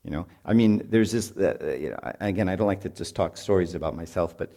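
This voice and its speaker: Talking fast in a low, mellow voice, a middle-aged marriage retreat speaker gives parents a loose, conversational sermon. He keeps asking "right?" and acts out both parents and children.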